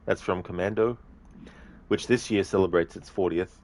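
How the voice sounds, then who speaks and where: A man's voice: low voice, normal speed, a little mellow. A man streaming a game live, chatting casually with viewers and thanking them for requests. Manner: playful, performs viewer-requested movie quotes in varied voices.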